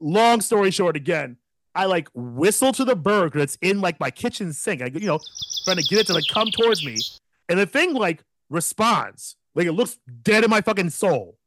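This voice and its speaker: A man in his thirties co-hosting a podcast, telling a story in a casual, profane and animated way, laughing often. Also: high-pitched, normal speed, a little hiss or hum. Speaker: podcast co-host.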